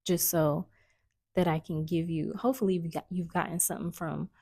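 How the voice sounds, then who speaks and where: A woman speaks to camera in a casual spiritual-coaching vlog, her voice low and mellow. She talks earnestly and keeps restarting her sentences, now and then dropping into a whisper. The sound is close and dry. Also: steady tone, brisk, vocal fry, slightly rough, no echo. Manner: earnest, searching, restarts often, drops into whispers.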